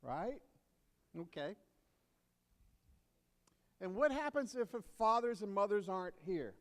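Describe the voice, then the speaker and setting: A man's voice: high voice, sing-song, slow, a bit bright. A man serving as deacon, giving a playful children's sermon, coaxing and teasing the kids into answering. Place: church sanctuary. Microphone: handheld or stand microphone. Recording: long church reverb.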